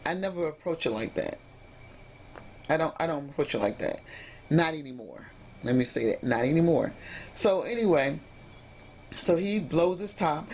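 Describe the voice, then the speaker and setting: A woman's voice: low voice, expressive, moderate pace, pauses often, a little hiss or hum. A woman vlogging about personal drama, emotional and rambling, often restarting her sentences. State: emotionally upset. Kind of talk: emotional storytime vlog.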